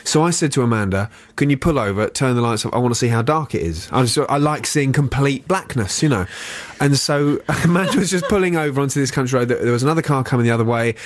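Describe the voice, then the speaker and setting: A man co-hosting a radio show, chatting casually, telling rambling jokey anecdotes and slipping into quick voices. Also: medium pitch, lively intonation. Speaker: radio co-host. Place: radio studio. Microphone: studio mic.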